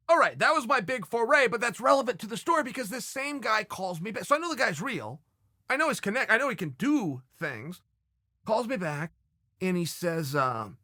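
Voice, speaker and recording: A man's voice: high-pitched, very animated, moderate pace, pushed and bright, no echo, studio quality. A man hosting a podcast, telling a wry story in a casual, anecdotal way. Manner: wry anecdotal storyteller who often acts out others' lines. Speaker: podcast host.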